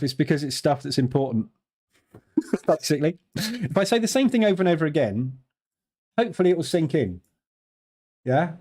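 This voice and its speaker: A man's voice: a little high, mellow. A British man hosting a live trading stream, chatting and joking in a digressive way.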